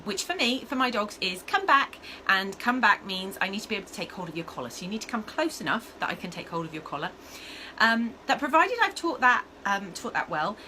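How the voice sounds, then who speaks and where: A woman, a dog trainer giving a casual lesson to camera, chatty and animated, checking in often with "okay?" and "all right?". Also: medium pitch, a little hiss or hum, rough recording. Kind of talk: casual instructional talk to camera.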